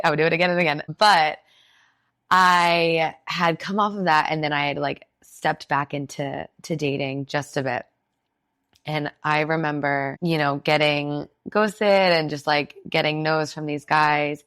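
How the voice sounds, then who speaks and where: A woman's voice: low-pitched, steady tone, a little slow, fairly bright tone, clear, resonant tone, no room sound. A young woman speaking as a podcast guest, telling a candid personal story in a heartfelt, rambling way with lots of "like" fillers.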